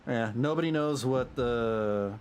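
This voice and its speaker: A man's voice: mid-range voice, slow, darkish tone, slight background noise. Chatty man musing over a game stream. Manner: musing, chatty, chuckles at himself. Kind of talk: casual livestream commentary. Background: game music.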